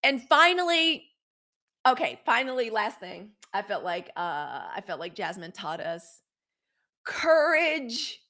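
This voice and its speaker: A Gen X woman hosts a live commentary show in a candid, profane way. She keeps slipping into mock quotes and teasing asides. Her voice sits at an ordinary middle pitch for a woman. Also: expressive, a little slow, bright, forceful tone. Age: 40s or 50s. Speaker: host.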